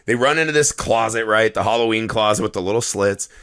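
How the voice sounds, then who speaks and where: A man's voice: on the low side, fast, clean tone. A man co-hosting a casual movie podcast, ranting and swearing as he picks apart a film. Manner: profane, ranting, animated. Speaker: podcast co-host. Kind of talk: casual movie review chat.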